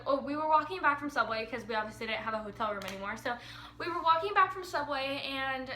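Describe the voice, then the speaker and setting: A teenage girl vlogging casually, telling a story in an excitable, gushing way full of likes and ums. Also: high-pitched, roomy sound.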